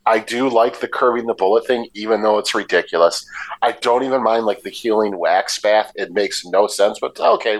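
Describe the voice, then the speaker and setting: A man's voice: on the low side, low-quality recording. A man co-hosting a film podcast, talking casually with many fillers and restarts, dry and wry in his criticism. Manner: hesitant, filler-heavy, wry. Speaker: podcast co-host. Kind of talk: casual film review chat.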